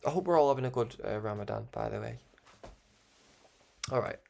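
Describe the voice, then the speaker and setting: Gravelly Scouse man musing aloud. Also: mid-range voice, a little fast, dark tone. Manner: rambling, restarts often, chuckles between thoughts. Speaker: broadcast host. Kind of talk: reflective spoken monologue.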